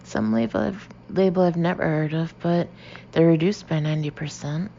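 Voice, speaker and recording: Female audiobook narrator, low gravelly voice, lively reads, dull lo-fi sound with faint hiss. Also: normal speed. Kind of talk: first-person audiobook narration.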